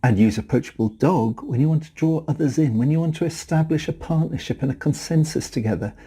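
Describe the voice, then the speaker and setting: A man's voice: fairly high pitch, brisk, breathy edge. A man narrating a lesson on communication styles and demonstrating them with his own voice. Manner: demonstrates speaking styles, flat falling delivery then bouncy rising lilt. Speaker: communication trainer. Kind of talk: scripted instructional narration.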